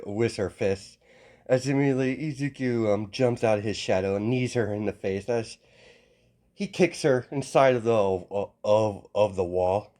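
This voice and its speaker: A man improvising a fan story as narration, halting often with restarts and self-corrections. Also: medium pitch, warm tone.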